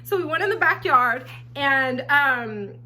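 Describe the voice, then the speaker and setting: A woman telling a personal story on her vlog in a blunt, profane, animated way. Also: high-pitched, unhurried. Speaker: storytelling vlogger. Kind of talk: casual storytime.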